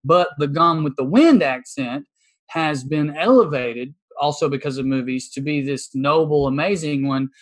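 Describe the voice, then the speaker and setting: A man's voice: on the high side, moderate pace. A man with an Appalachian accent, talking in a fired-up, profane, emphatic way in casual podcast chat. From Appalachia, East Tennessee. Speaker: comedian guest.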